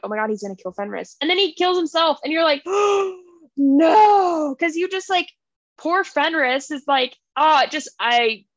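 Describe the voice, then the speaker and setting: A young woman co-hosting a casual book podcast, retelling scenes in an animated, gushing way with lots of fillers. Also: a little high, no echo. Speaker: podcast co-host.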